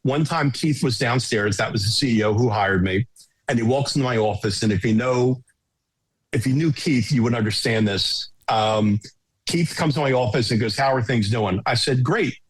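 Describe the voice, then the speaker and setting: Man, middle-aged, husky voice, animated storyteller, podcast guest, casual chat. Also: mid-range voice, moderate pace. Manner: animated anecdote teller, quotes others. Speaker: guest, home shopping executive.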